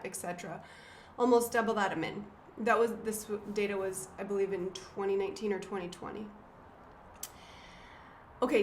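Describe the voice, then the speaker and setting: A woman in her thirties, the author and host, talking casually and reading passages from her own book in an earnest, emotional way with frequent fillers and restarts. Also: mid-range voice. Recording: roomy echo, faint background noise.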